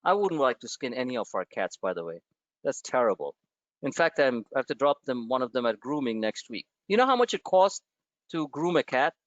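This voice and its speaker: A man's voice: mid-range voice, a little fast, no room sound, lo-fi sound. A man hosting a live stock-trading webinar, talking casually with profane asides and rambling stories. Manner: animated, profane, tangents into personal stories.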